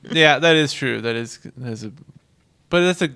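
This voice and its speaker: Male co-host, deadpan and hesitant, clear resonant tone, dry sound. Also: fairly high pitch, a little slow, dry recording. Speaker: podcast co-host. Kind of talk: casual gaming podcast chat.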